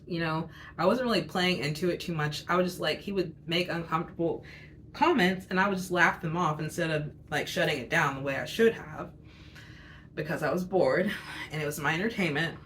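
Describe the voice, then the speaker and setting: A woman's voice: low voice, brisk, a bit bright, slight background noise. A woman in her twenties telling a personal story as a casual storytime chat, rambling and candid with lots of fillers. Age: 20s.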